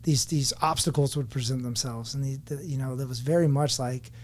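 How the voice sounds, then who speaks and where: A man's voice: mid-range voice, steady tone, a little fast. A man in his forties, a podcast guest, telling his story candidly in an earnest, reflective way. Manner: earnest and reflective, speaking openly about personal struggles.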